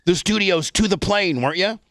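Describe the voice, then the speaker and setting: A man's voice: high-pitched, animated, a little fast, fairly bright tone, dry recording. A middle-aged male radio host telling an old story in casual, profane chat and acting out the quotes.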